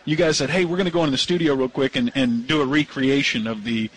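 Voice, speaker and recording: A man hosting a sports radio show, telling a story in casual banter with animated, mock-indignant delivery. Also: medium pitch, fast, low-quality recording. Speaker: radio host.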